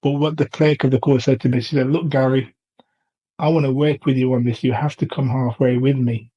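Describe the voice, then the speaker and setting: An English man tells his story in a casual first-person way, earnest and halting, full of ums and restarts. His voice stays flat and even in pitch. The recording sounds a little muffled and lo-fi. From England. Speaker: testimony speaker.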